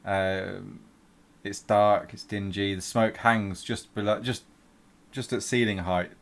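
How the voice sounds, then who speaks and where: A man narrating a tabletop game as game master, in a halting way with many restarts. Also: lowish voice, flat delivery, gravelly, fairly bright tone.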